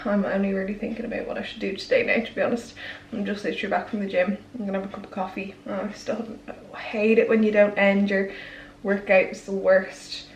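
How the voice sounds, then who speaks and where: Young woman, Irish accent, casual vlog chat, rambling and chatty, average pitch, noisy background. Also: level tone, fast, echoey room, distant mic. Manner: chatty, rambling, fills talk with "like" and "literally". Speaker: vlogger.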